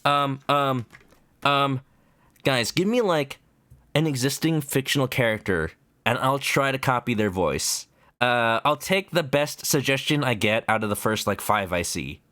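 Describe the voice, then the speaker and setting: A man's voice: mid-range voice, lively intonation, a little slow, bright, forceful tone. A man streaming a game let's play, chatting playfully and casually with many fillers.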